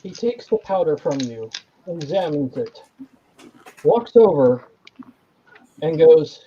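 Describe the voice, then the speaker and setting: High-voiced playful game master. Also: male voice, big pitch swings, slow, pauses often, warm tone, slight background noise. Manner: playful, slips into silly voices and random accents. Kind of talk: narrating a tabletop game. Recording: dull lo-fi stream audio.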